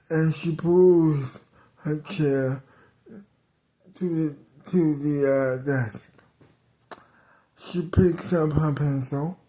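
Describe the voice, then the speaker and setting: A man narrating an improvised serial story, halting often and restarting sentences. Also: a little high, dark tone. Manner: halting, many fillers and restarts.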